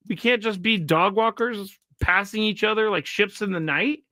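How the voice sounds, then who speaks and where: A man's voice: high-pitched, normal speed, pushed and bright, dry recording. Talkative man hosting a live show. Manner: rambling, self-correcting storytelling; reads viewer chat comments aloud. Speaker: show host. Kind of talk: casual live-stream monologue.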